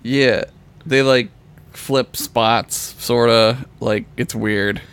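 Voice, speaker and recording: A man's voice: mid-range voice, fairly even intonation, drawn-out words, gravelly, a bit bright, smooth. A man co-hosting a podcast, chiming in with wisecracks in casual banter. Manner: wisecracking, chimes in with jokes. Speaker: podcast co-host.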